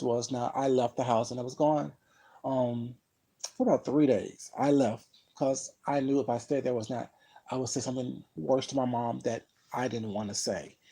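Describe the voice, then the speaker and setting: Gravelly man telling a story, rambling. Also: mid-range voice, mellow, poor audio. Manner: rambling, emphatic, frequent fillers like "you know what I'm saying". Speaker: vlogger. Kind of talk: casual storytelling to camera.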